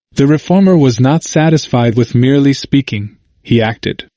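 Measured male audiobook narrator, dry sound. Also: mid-range voice, lively intonation, warm tone, dry recording. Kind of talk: scripted narration of a history book.

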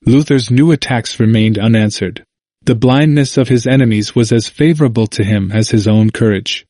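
A man's voice: a little mellow, dry recording. Man reading history in a dry room. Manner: measured reading, quotes read with raised pitch. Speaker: audiobook narrator. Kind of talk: scripted narration of a history book.

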